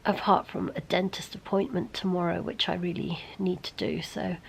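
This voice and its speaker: A middle-aged woman vlogging casually to camera while ill and congested, hoarse and tired, often talking half-whispered. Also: fairly low pitch, level tone, moderate pace, rough recording. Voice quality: gravelly. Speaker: beauty vlogger. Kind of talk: casual vlog chat to camera.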